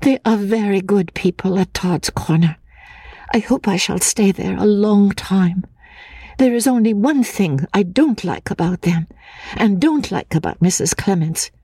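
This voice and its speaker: A woman voicing a timid, fragile young woman haunted by grief, speaking in a breathless, hushed voice that slips into whispers. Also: mid-range voice, a little slow, breathy edge, dry recording. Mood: wistful. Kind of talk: audiobook drama acting.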